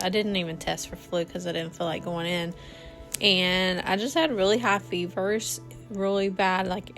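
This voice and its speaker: A cleaning vlogger with a fairly low voice and vocal fry chats casually to viewers, calling them y'all, as she cleans her home kitchen. Faint music plays behind her.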